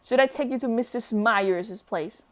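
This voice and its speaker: A woman reading the lines of a polite, measured young man from a visual novel, in her own voice. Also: fairly high pitch, lightly acted.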